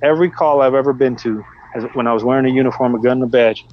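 A middle-aged man and former police officer, chatting on a podcast and telling animated stories about the job. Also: rapid-fire, a little hiss or hum. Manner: animated storytelling, acts out quotes in a high voice. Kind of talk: casual podcast chat. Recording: dull, dry podcast audio.

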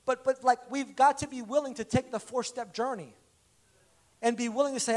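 Very high-voiced male preacher. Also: moderate pace. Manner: animated, acts out dialogue in stories. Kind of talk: conversational sermon with storytelling.

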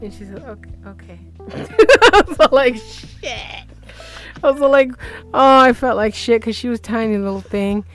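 Animated woman telling a funny story. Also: on the high side, moderate pace, soft background music. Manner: animated, acts out quotes, laughs through story. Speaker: podcast co-host. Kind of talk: casual storytelling chat.

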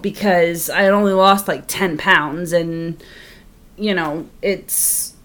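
A woman's voice: lowish voice, steady tone, takes it slowly, fairly bright tone. Sweary casual woman co-host. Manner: frank, sweary, many fillers. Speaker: podcast co-host. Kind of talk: casual chat.

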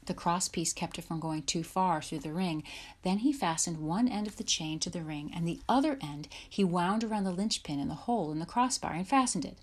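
A woman reading a children's chapter book aloud in a steady storytelling voice. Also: lowish voice, husky. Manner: steady storytelling, lively for dialogue. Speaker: audiobook reader. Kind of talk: scripted narration.

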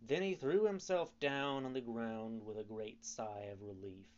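A man narrating a storybook in an unhurried, measured reading. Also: mid-range voice, highs cut off. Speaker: audiobook narrator.

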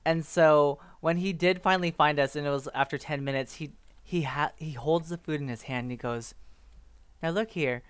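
A woman's voice: low-pitched, fairly quick, clean tone, no room sound. A woman podcast guest, a drag performer from the United States, telling brash, joking stories in casual chat.

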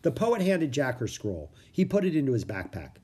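A man reading a children's chapter book aloud, expressive storytelling. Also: medium pitch, normal speed, husky. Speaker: audiobook reader.

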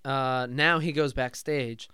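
Casual co-host, male, smooth clear voice, close dry mic. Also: medium pitch, slow pace, no echo. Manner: relaxed, retells scenes, quotes dialogue. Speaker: movie discussion co-host. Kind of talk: casual chat.

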